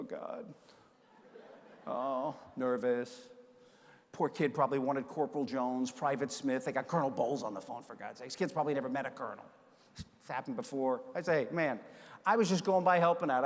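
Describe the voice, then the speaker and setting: A middle-aged man giving a conference keynote, telling a story and acting out the dialogue with lively energy. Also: mid-range voice, fast talker. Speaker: keynote speaker. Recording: long hall reverb.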